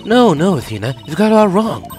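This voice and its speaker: A cheeky teenage magician girl, voiced by a man who teases in a playful, lively voice. Faint game music plays behind her. It comes from a fan voice-over of a video game. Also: sits high, fairly quick. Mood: teasing. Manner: teasing, playful.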